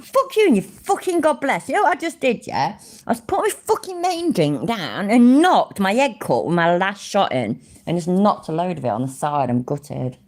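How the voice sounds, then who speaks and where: A woman's voice: deep voice, darkish tone. A woman hosting a live stream, chatting and reacting with sweary, laughing, mock-offended banter. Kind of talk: casual live-stream commentary.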